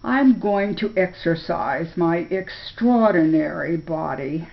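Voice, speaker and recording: A woman's voice: on the low side, lively intonation, takes it slowly, gravelly, heavily acted. An older woman voicing a lazy, vain, toothy male forest beast who talks in a languid, lordly way. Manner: languid, self-satisfied, lordly. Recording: dull lo-fi recording.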